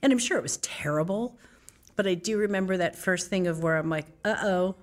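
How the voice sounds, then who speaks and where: Middle-aged actress guest, a low-leaning voice, spins animated anecdotes and mimics the people in them. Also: female voice, a little fast. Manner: lively storyteller who acts out quoted voices. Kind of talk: candid interview storytelling.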